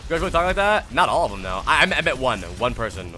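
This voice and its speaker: A man's voice: mid-range voice, big pitch swings, racing, bright, forceful tone, a little hiss or hum. A young man from the US East Coast reviewing gameplay on a live stream, talking to chat in a blunt, profane and casual way. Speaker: streamer and coach.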